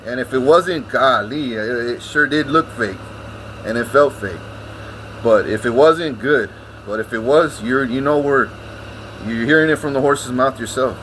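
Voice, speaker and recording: A man's voice: mid-range voice, unhurried, fairly bright tone, slight background noise, rough recording. A man, ranting casually to his vlog audience, swearing often and repeating himself. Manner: profane, rambling, repeats himself. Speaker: vlogger.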